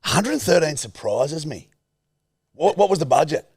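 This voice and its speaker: Deadpan Australian man with a gravelly voice. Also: a little high, unhurried, no echo, clean studio sound. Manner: deadpan, sweary banter. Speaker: podcast co-host. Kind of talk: casual chat.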